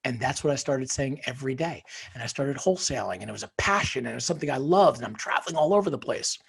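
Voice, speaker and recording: A middle-aged man from northern New Jersey, a guest telling his life story in an animated, emphatic motivational way. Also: mid-range voice, fast, vocal fry, slightly rough. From northern New Jersey, USA. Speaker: podcast guest, author and financial wholesaler. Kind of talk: casual storytelling interview.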